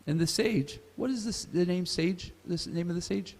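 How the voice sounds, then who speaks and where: A man's voice: high-pitched, moderate pace, a little mellow. Man retelling a scripture story. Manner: asks the audience questions. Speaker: class speaker at a temple. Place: temple hall. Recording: reverberant temple hall.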